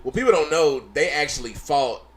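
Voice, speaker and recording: A man co-hosting a podcast in casual group chat, relaxed and explaining. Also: on the high side, fairly quick. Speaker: podcast co-host.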